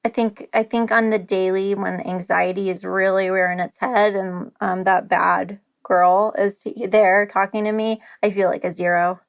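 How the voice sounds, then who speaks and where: A woman's voice: medium pitch, level tone, moderate pace, vocal fry, hardly any pauses. A woman speaks as a podcast guest in an open, emotional way. She sounds nervous and close to tears, and her thoughts come out in bursts of "like" and restarts in a mid-range voice. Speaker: guest, company founder. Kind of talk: candid podcast conversation.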